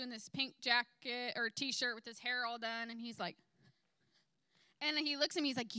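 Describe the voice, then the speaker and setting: A woman's voice: fairly high pitch, smooth, dry recording. A young woman giving a casual church testimony, telling a story with lots of "like" and quoting people in different voices. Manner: animated storytelling with quoted voices and many "like"s.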